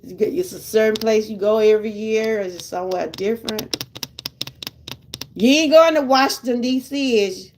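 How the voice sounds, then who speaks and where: A woman's voice: a little high, normal speed, background noise. An older woman with a Southern US accent, chatting casually with her live viewers and laughing often. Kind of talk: casual live-stream chat.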